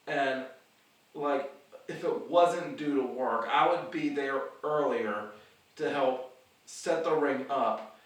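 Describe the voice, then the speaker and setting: A man's voice: mid-range voice, slow. A man hosting his own vlog, rambling about his wrestling goals, stumbling over words and restarting sentences, in a casual monologue. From the Carolinas. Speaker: independent wrestler and vlog host. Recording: echoey room, mic at a distance.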